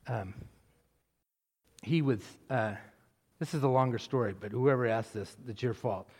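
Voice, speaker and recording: A middle-aged man, a pastor, telling his story in a rambling way with many restarts and swelling into loud preaching. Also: mid-range voice, measured pace. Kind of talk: testimony answering a question, church talk. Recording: long hall reverb.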